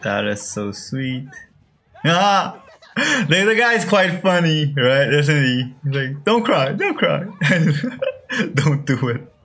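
A man's voice: on the high side, expressive, slow, a bit bright. A young man from Korea, reacting on video with emotional exclamations and gasps. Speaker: YouTube reactor.

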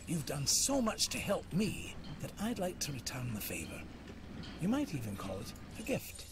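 A man's voice: on the high side, wildly swooping pitch, moderate pace. Elderly gracious park founder, formal and grandfatherly, noisy game recording. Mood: grateful.

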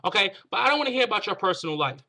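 A man delivering a comedic rant straight to camera, loaded with profanity and exasperation. His voice has a bright, sharp edge. He swings from grumbling asides to fed-up outbursts. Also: sits high, expressive, very fast, gravelly. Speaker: host.

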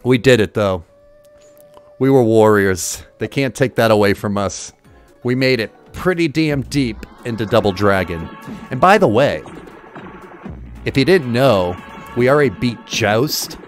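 A man streaming retro games and commenting casually, excitable and jokey, swearing often as he plays. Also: mid-range voice, measured pace, pauses often, faint music behind.

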